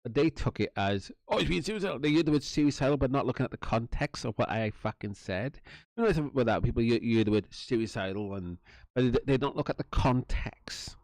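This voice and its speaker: A Welsh channel host tells a long personal story, rambling casually, swearing often, laughing, and acting out other people's lines. His voice is medium-pitched and darkish, fairly quick, in a dry recording.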